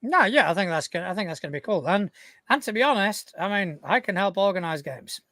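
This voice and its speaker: High-voiced man on a dry mic. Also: expressive, quick pace, sharp tone, dry recording. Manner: laid-back, swears casually. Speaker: podcast co-host. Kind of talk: casual live-stream chat.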